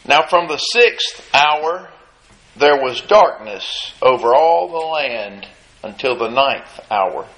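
A man preaching a sermon, retelling a scene dramatically and acting out the crowd's shouts. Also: mid-range voice, animated, low-quality recording. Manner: slow, drawn-out delivery with long pauses.

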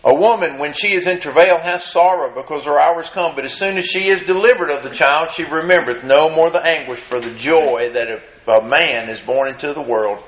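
A man's voice: fairly high pitch, fairly quick, few pauses, a bit bright. Folksy man preaching in a roomy space. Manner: folksy, reads scripture then comments with rising emphasis. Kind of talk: sermon. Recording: roomy echo.

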